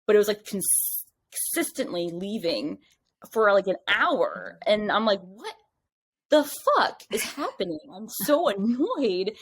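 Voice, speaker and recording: A woman as a podcast guest, telling a story in casual chat, rambling and animated, full of "like" and acted-out quotes. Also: mid-range voice, unhurried, slightly rough.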